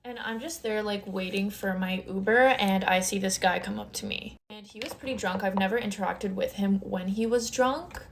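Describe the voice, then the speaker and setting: A young woman talks into her phone, retelling a story in a chatty, dramatic way with plenty of filler words. Her voice sits at a middle pitch. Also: normal speed, vocal fry, few pauses, slight background noise. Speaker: storytime creator. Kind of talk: casual storytime chat. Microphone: phone camera.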